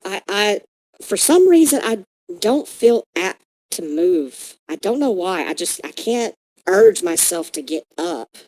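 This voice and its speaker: A game master voicing a grieving, confused ghostly mother in a tabletop game, speaking in halting, stammering bursts. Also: high-pitched, very animated, creaky, a little mellow, no echo, pitched above the performer's own voice, exaggerated voice, low-quality recording. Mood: confused, lost.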